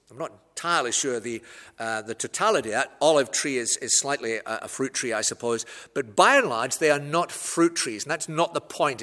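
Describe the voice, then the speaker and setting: A man preaching an expository sermon, measured and explanatory, with wry asides. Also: medium pitch, fairly bright tone. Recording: echoey hall.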